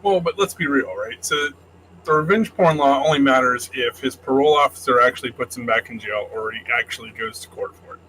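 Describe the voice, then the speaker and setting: Bright-voiced man explaining his point. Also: medium pitch, brisk, slight background noise, rough recording. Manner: reasoned, explanatory. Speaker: stream co-host. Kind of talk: casual livestream discussion.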